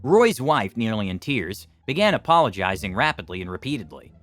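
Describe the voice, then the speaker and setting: A man narrating online stories in a scripted, animated and expressive way, adding his own comments. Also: fairly low pitch, brisk, soft background music. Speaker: story narrator.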